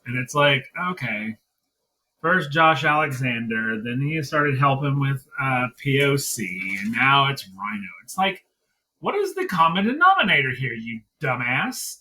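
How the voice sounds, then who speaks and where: A man's voice: medium pitch, big pitch swings, moderate pace, bright, forceful tone, recorded from a distance, poor audio. A man co-hosting a wrestling review podcast, ranting heatedly in casual chat, swearing and mimicking people in mocking voices. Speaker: podcast co-host.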